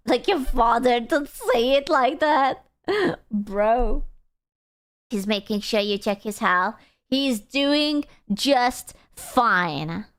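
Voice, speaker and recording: A young woman streaming, chatting casually in a playful, silly way and breaking into excited squeals. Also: fairly high pitch, smooth. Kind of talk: casual livestream chat.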